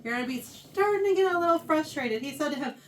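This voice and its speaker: A woman teaching a Bible lesson to a youth class, animated and often checking in with her listeners. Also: high voice, quick pace, slight background noise. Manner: animated, keeps checking in with "right?". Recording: voice heard from far off the mic.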